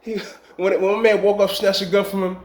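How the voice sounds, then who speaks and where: A man's voice: high-pitched, level tone, fairly quick. A man telling a long dream story in casual, rambling street slang with emphatic warnings. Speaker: vlogger. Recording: echoey room.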